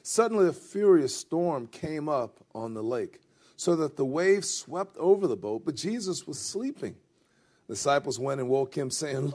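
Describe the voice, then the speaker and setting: A man preaching a sermon as a pastor, reading scripture and then acting out the disciples' voices with lively energy. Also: medium pitch, normal speed. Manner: animated, acts out the disciples' voices.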